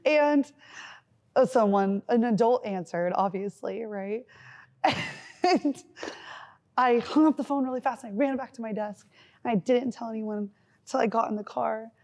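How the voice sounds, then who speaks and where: A woman's voice: fairly high pitch, moderate pace, pauses often, a little mellow. Giggly young woman telling stories. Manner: giggly, rambling storyteller. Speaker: podcast co-host. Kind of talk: casual chat.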